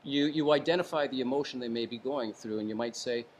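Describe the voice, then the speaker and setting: A man, a former hostage negotiator and author, giving advice in a casual interview, calm and deliberate, varying his tone and pausing for effect. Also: mid-range voice, a little hiss or hum. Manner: calm, varies tone and pauses for effect.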